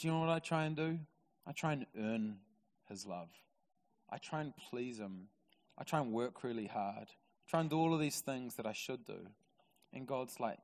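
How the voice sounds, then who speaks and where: A man with a New Zealand accent preaching a sermon in a church, an animated storyteller who swings from loud excitement to quiet, intimate moments. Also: medium pitch, moderate pace. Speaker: pastor. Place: large church hall. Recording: reverberant church hall.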